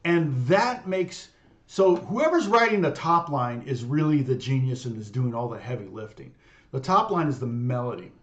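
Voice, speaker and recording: A man's voice: mid-range voice, expressive, moderate pace, lo-fi sound. A middle-aged man, a guitar teacher, chatting casually and rambling, with many fillers, restarts and laughs. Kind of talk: casual livestream chat.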